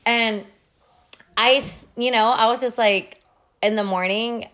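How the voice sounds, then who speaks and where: A woman hosts a podcast, telling a story casually in a chatty, profane way and saying "like" constantly. Her voice is a little high and fairly bright, a little slow, with fairly even intonation.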